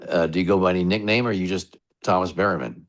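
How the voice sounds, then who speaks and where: A man's voice: low-pitched, fast. An American man, a radio DJ, telling rambling stories as a guest in a casual interview. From United States. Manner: chatty, rambling anecdotes.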